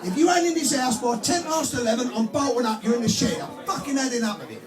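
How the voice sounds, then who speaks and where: A man's voice: extremely high pitch, fast, far from the mic. A man doing a nagging fed-up wife. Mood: scolding. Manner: scolding, sharp ultimatums. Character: nagging wife, fed-up middle-aged woman. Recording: echoey club with music and crowd.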